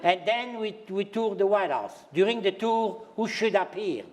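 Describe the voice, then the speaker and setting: High-voiced older French-accented storyteller. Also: male voice, normal speed, slight background noise. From France. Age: 70s. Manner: lively raconteur, chuckling, non-native grammar. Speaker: retired pastry chef, interview guest. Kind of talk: anecdotal storytelling on stage.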